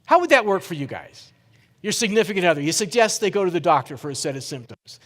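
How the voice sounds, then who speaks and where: A middle-aged man giving a keynote talk, telling a story in a lively way and putting questions to the audience. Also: high voice, quick pace. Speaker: keynote speaker. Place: conference hall. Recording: reverberant conference hall.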